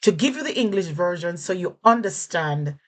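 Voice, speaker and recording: A woman's voice: on the low side, expressive, normal speed. A Jamaican woman teaching basic phrases in a casual spoken lesson, repeating and rephrasing things for learners. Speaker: language teacher.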